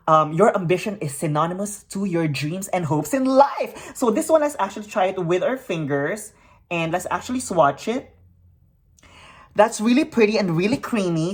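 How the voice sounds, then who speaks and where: Upbeat woman talking through a makeup tutorial. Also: lowish voice. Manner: chatty, upbeat, repeats "actually" and "really". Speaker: makeup vlogger.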